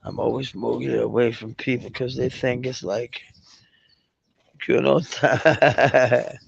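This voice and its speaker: This Danish-accented man's voice is mid-range, a little mellow and slightly rough, with vocal fry and a flat delivery at a moderate pace. Chatting casually on a live stream, he meanders, curses often and keeps restarting, all in dull lo-fi audio.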